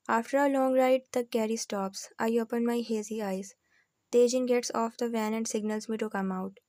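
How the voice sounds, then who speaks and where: A woman reading a novel aloud in the first person, with calm, even storytelling. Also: on the high side, dry recording. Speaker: audiobook narrator.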